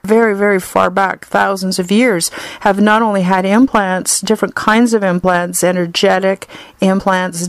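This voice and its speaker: A woman's voice: mid-range voice, no room sound. A woman from Canada, giving an earnest, effusive personal testimonial.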